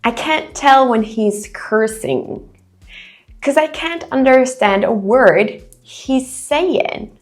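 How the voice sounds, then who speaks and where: A woman teacher reads out a listening quiz in a careful, deliberate way. Her pitch sits a little high and moves a lot, and she speaks slowly so learners can follow. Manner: careful, deliberate reading of example sentences. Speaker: English teacher. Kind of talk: slow, clear quiz narration for learners.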